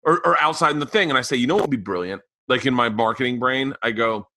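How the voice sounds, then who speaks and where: A comedian tells an animated story on a podcast, laughing through his own punchlines. His voice has a bright edge at an average pitch for a man. The sound is dry and close, with no room around it. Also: fast, no room sound.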